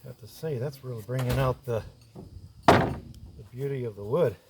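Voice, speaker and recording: A man's voice: mid-range voice, normal speed. Guy in his woodshop talking thru each step as he stains, clicks and shop noise behind. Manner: thinks aloud, explains each step as he goes. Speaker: woodworker and video host. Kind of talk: casual workshop narration while working.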